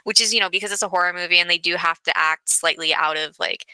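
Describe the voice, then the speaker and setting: A woman's voice: fairly low pitch, steady tone, bright, forceful tone, smooth, dry recording, low-quality recording. A woman co-hosting a podcast, discussing a horror movie in a thoughtful, hesitant way. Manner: thoughtful, hesitant, drawn-out phrasing. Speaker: podcast co-host.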